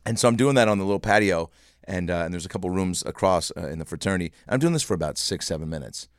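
A man's voice: low voice, expressive, quick pace, no echo, clean studio sound. A man in his thirties co-hosting a podcast, telling jokey stories and slipping into voices. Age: 30s. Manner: joking storyteller who slips into voices. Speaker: podcast co-host. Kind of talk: casual podcast chat.

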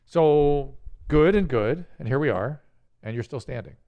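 A man's voice: mid-range voice, expressive, a little slow, narrow, tinny audio. A man hosting a casual podcast chat as a physician, often stopping and repeating words as he talks. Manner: restarts a lot, repeats words. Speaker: host, physician.

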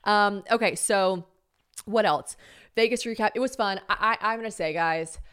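A woman's voice: mid-range voice, moderate pace, a bit bright, smooth. A woman in her twenties from the United States, hosting a solo podcast and telling stories casually, swearing freely and acting out other people's lines. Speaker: podcast host.

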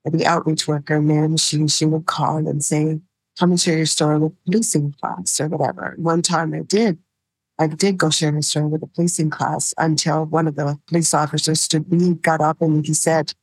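A middle-aged woman telling her personal story in an interview, soft-spoken and halting, with many fillers. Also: low-pitched, flat delivery, no echo, rough recording. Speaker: guest, survivor sharing her story.

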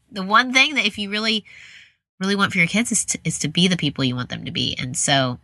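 A woman's voice: mid-range voice, a little fast, bright, forceful tone, dry recording. A woman, hosting an interview in a chatty, rambling, self-deprecating way. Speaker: podcast host. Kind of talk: casual conversational interview.

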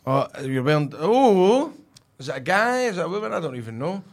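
A Scottish man in casual banter, guessing a mystery guest, swearing freely and laughing loudly. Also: high voice, sing-song, a little fast, vocal fry.

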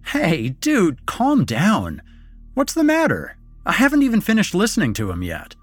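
An actor voicing a brash, excitable young man who talks loud and quick in casual slang in a horror audio drama. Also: on the high side, soft background music, full character voice.

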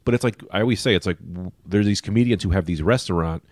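A man hosting a podcast in casual comedian chat, animated and profane, jumping into loud mock voices. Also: low-pitched, quick pace, dry recording, studio quality. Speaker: podcast host.

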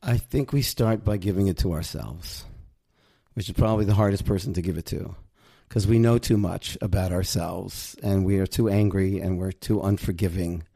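A man who is a rabbi and author speaks as a guest in an interview, reflecting gently like a teacher. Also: sits low, moderate pace, vocal fry, slightly rough. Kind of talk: conversational interview.

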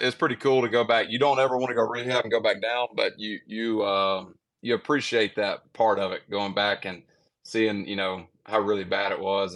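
A man's voice: on the low side, gravelly, fairly bright tone. A young man chatting casually on a podcast, telling long stories full of fillers and restarts. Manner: rambling storyteller with many fillers. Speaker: guest pitcher.

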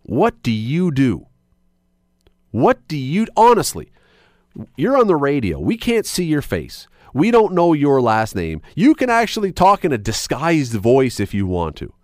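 A radio talk show host muses aloud in a chatty way, setting up a question for callers. His medium-pitched voice is a little slow and mellow yet swings hugely in pitch, and the studio mic gives a dry, high-quality sound.

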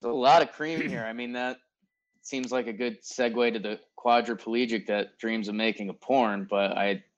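A man with a medium-pitched, fairly even voice talks at a normal speed, co-hosting a casual sports podcast over a remote call from his home in Denver. He's chatty and rambling and says "dude" a lot. The recording is muffled.

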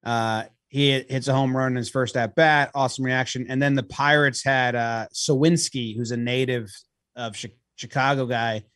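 A man co-hosting a casual sports podcast, telling stories with swearing and lively put-on quotes. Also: mid-range voice, moderate pace, no room sound, clean studio sound. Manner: profane animated storyteller. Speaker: podcast co-host.

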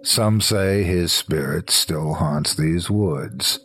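A man narrating a scripted horror story in a slow, low, hushed storytelling manner. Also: slight background noise.

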